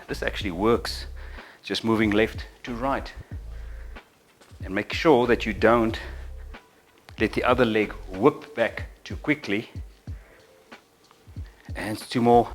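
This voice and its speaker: A middle-aged man coaching an exercise routine, counting reps and breathing audibly, a little out of breath during the sets. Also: medium pitch. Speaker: fitness instructor. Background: faint music.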